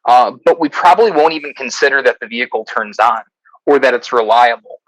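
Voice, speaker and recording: A man with a Midwestern American accent, a consultant and author, explaining ideas in conversation with frequent ums and quick self-corrections. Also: medium pitch, no echo, low-quality recording.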